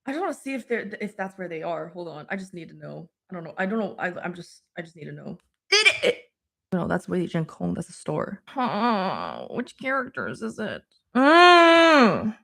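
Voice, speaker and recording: A woman's voice: lowish voice, big pitch swings, normal speed, gravelly, a bit bright. A woman streaming casual chat while studying; she swears often, laughs easily and thinks aloud.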